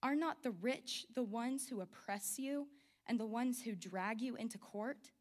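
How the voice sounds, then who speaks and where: A woman reading a scripture passage aloud in a measured, formal way. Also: a little high. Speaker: scripture reader.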